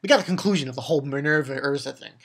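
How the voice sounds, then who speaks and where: A man casually recapping a manga chapter, rambling and swearing, with many restarts and bursts of excitement. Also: medium pitch, rapid-fire.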